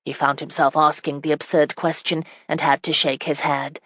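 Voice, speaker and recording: Low-voiced woman narrating an audiobook. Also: level tone, normal speed, a bit bright, dry recording.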